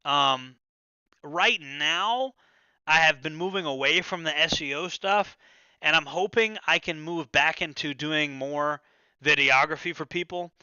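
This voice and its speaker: A man's voice: fairly high pitch, a little slow, sharp tone, clean tone, no echo, highs cut off. A man hosting a livestream, chatting casually and loosely, with plenty of swearing and stammered restarts. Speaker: livestream host. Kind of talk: casual rambling livestream chat.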